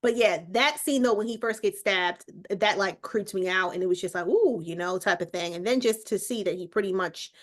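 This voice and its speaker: A woman's voice: mid-range voice, fairly quick, hardly any pauses. A woman guest in a casual movie review chat, talking animatedly and laughing as she speaks. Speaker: podcast guest.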